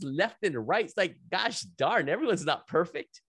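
A man hosting a casual conversation, animated, with frequent restarts and repeated words as he talks through ideas. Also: fairly high pitch, normal speed, slightly rough, no echo, studio quality.

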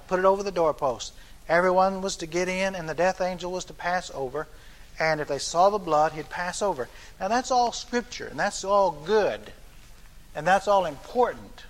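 High-voiced older man preaching. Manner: reads scripture slowly, then explains in plain talk with restarts. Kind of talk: sermon with scripture reading.

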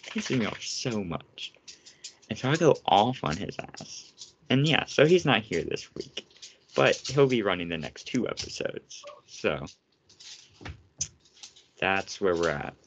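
A man's voice: fairly low pitch, very animated, measured pace, long pauses, highs cut off, slight background noise. A young man hosting a casual podcast, ranting sarcastically and swearing often. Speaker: podcast host.

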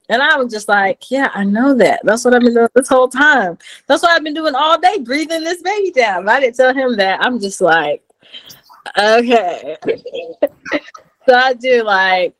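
A woman's voice: moderate pace, low-quality recording. Woman, 30s, podcast guest, chatty storyteller who acts out the quotes. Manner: animated, acts out quotes in a high voice. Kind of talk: casual storytelling.

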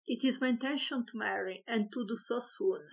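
A woman's voice: fairly high pitch, normal speed, gravelly, pitched above the performer's own voice. A woman voicing a lovestruck young man of twenty in a read-aloud story, firm and a little haughty. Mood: earnest. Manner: firm, earnest.

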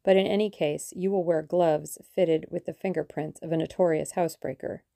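A woman reading an audiobook, voicing a businesslike male German conspirator with a clear voice. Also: low-pitched, fairly even intonation, normal speed, warm tone, no echo, clean studio sound. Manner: crisp, matter-of-fact.

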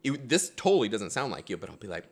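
A man's voice: fairly low pitch, very animated, fast talker, slightly rough. A man chatting as a guest on a podcast, rambling through stories with lots of fillers and self-deprecating asides. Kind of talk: casual chat.

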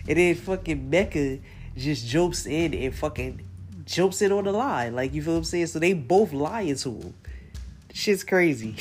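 A man hosts a laid-back podcast and recaps a TV show in slangy, profane talk. He speaks at an unhurried, drawn-out pace and mixes in laughter and acted-out reactions. A faint hiss of noise sits under his voice. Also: fairly high pitch. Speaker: podcast host. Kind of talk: casual TV recap chat.

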